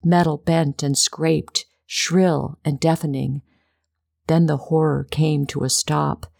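A woman narrates a story in a low, somewhat husky register with a gravelly edge. Her delivery is measured and steady, in the manner of a recorded audiobook. The sound is dry and close, with no room around it. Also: no room sound. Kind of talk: scripted first- and third-person story narration.

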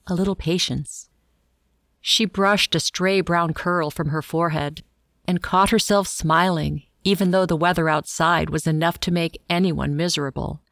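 A woman reading a story aloud as a narrator, with a measured, steady storytelling delivery. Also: on the low side, no echo, studio quality. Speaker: audiobook narrator. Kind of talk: scripted first- and third-person story narration.

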